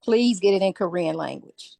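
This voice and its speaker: A woman's voice: on the low side, animated, moderate pace, creaky, dark tone, no echo. A woman asks questions on an online call in an insistent, pleading tone. The sound is dry and close. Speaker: call participant. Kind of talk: casual video-call question. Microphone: video call.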